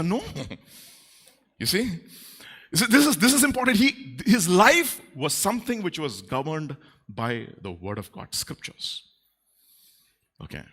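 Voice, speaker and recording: A male pastor preaches in a church, his fairly high voice leaping up and down with lively swings. He sounds bright and sharp, and he acts out quoted speakers in playful voices. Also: normal speed, pauses often, slightly rough. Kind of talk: sermon.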